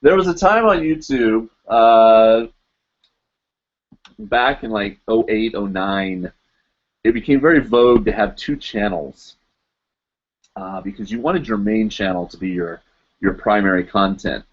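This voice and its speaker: Host, man in his 40s, lowish voice, loose and chatty, laughs at himself, dull lo-fi desk mic. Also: unhurried, long pauses. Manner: rambling and self-mocking, chuckling often. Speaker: live stream host. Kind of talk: casual live-stream chat.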